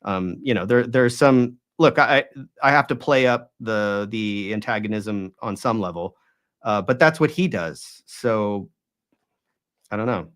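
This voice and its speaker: A man's voice: fairly low pitch, fairly bright tone. A man being interviewed, speaking in a conversational way with many restarts and rhetorical questions. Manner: talks in halting restarts and hedges, often asks rhetorical questions. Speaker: guest.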